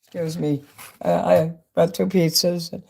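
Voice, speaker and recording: A man's voice: on the high side, flat delivery, unhurried, vocal fry, darkish tone. A man chatting loosely with his viewers on a livestream, rambling and swearing. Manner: rambling and profane, talks straight to chat. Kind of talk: casual livestream chat with viewers. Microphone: phone.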